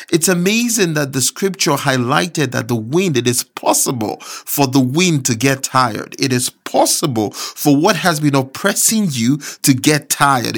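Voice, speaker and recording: Man preaching, building to fervor. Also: fairly bright tone. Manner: builds from low and measured to raised, emphatic preaching; slows down to read scripture aloud. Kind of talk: sermon.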